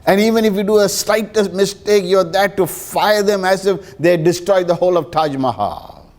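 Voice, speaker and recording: A man's voice: normal speed, a little mellow. A man preaching a sermon as a pastor and counselor, emphatic and pleading. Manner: emphatic, pleading, with dramatic pitch swings.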